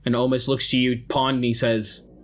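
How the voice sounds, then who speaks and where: A man narrating a tabletop role-playing game as its game master, in a measured, descriptive way. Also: mid-range voice, level tone, soft background music.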